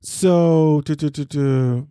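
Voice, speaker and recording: A man co-hosting a podcast in casual chat, animated and jokey. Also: on the high side, smooth, no room sound, studio quality. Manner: animated, jokey, quick asides. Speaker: podcast co-host.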